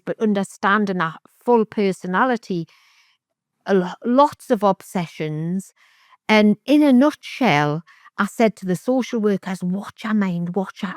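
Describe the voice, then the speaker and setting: A woman's voice: mid-range voice, clean tone, dry recording, clean studio sound. Woman telling a harrowing story. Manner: candid, halting, with vivid re-enactments of remembered speech. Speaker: interview guest. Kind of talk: emotional personal testimony.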